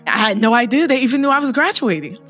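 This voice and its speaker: Speaking fast in a fairly high voice, a woman who is a poet recounts her own story during an interview. She gets emotional and performs other people's lines in animated voices, with soft music playing in the background.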